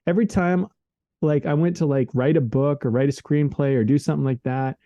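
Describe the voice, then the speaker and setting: With a fairly high pitch and a slightly fast pace, this podcast co-host is heard on a remote call mic with no room sound and the highs cut off. He rambles earnestly in a casual, reflective chat, saying "like" and "man" often.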